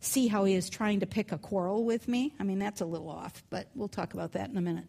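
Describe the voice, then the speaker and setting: A woman's voice: mid-range voice, steady tone, quick pace, vocal fry, dark tone. A woman teaching a Bible lesson in a conversational way, with chatty asides. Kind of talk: scripture teaching talk.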